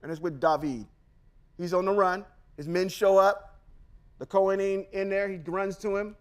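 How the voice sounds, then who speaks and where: Male podcast host with a high voice, reads scripture, then argues it in punchy, slangy asides. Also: fairly even intonation, normal speed, clear, resonant tone. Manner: emphatic, confrontational, slangy asides. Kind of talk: scripture reading with casual commentary.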